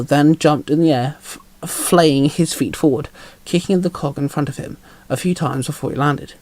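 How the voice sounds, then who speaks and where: A man's voice: a little high, a little mellow, no room sound. A man narrating his own fanfiction in plain storytelling, with small slips. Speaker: narrator and author. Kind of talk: fanfiction read aloud.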